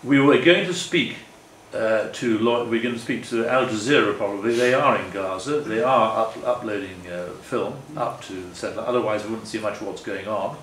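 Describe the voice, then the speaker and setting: An older guest speaker with a fairly low, slightly bright voice gives a slide talk in a meeting hall at normal speed with few pauses. He speaks earnestly, rambling and correcting himself along the way. Captured far from the mic, his voice echoes against faint ambient noise.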